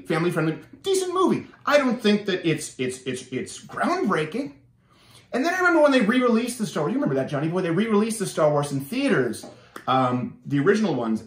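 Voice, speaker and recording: A young Canadian man with a high voice hosts his show in a roomy-sounding space. His monologue is animated, opinionated, and sarcastic, full of restarts.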